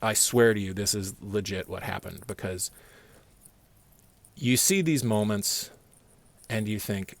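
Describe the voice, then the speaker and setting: A man telling a personal story in a casual, rambling way, calm and profane. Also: fairly low pitch, a little slow, creaky, pauses often.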